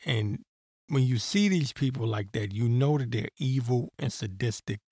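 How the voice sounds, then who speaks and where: A man's voice: mid-range voice, moderate pace, darkish tone, breathy edge, dry recording, studio quality. A man hosting a solo podcast, talking in a rambling, heated way with profanity and many fillers. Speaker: podcast host. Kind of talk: solo political commentary.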